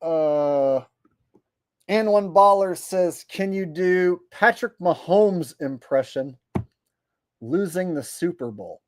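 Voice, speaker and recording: A man's voice: high-pitched, expressive, slow pace, no room sound. A man hosting a livestream, reading viewer messages aloud and ranting in a blunt, profane way. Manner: blunt and profane, exasperated rants; reads viewer messages aloud in mock voices. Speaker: livestream host reading viewer super chats. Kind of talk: casual livestream chat.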